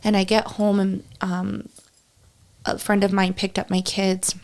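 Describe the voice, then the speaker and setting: A woman's voice: mid-range voice, little pitch movement, a little slow, darkish tone. A young woman guest on a podcast, telling a painful personal story in a raw, rambling way full of "like.". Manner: raw, rambling, full of "like" and quoted self-talk.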